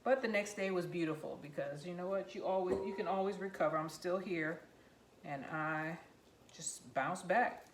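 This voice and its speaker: A woman chatting her way through a home cooking vlog, rambling and laughing, with loud whoops now and then. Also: lowish voice, moderate pace, echoey room, slight background noise. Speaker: home cook and vlogger. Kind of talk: casual cooking vlog chat. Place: home kitchen.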